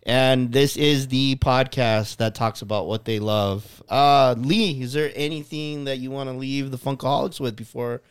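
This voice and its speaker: A man's voice: mid-range voice, moderate pace, few pauses, clean tone. A man hosting a podcast, chatting in a laid-back way full of fillers and restarts. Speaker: podcast host. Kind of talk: casual chat.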